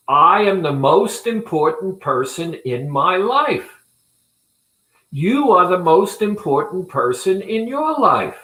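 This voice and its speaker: Man, clinic practitioner, slow deliberate delivery, earnest tone, slightly high voice, echoey room. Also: bright, forceful tone. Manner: deliberate, earnest, speaks with pauses. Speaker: weight-loss clinic practitioner. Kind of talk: promotional talk to viewers. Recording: roomy echo.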